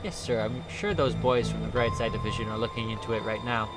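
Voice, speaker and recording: A man putting on a stiffly courteous ghost conductor from a spooky adventure game, formal and sir-heavy. He is pitched a little above an ordinary male voice and talks at an ordinary pace. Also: fairly even intonation, fairly quick, loud music behind the voice, close to an everyday voice.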